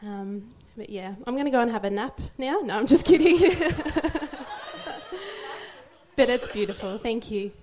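A woman's voice: on the high side, slow pace, pauses often, a little mellow. Tearful young mother sharing testimony. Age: young adult. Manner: emotional, laughing through tears. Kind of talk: church testimony.

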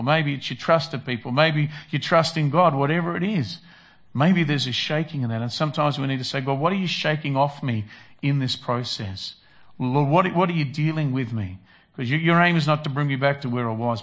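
A man preaching a conversational sermon who acts out prayers and Bible voices. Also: on the high side. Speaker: pastor.

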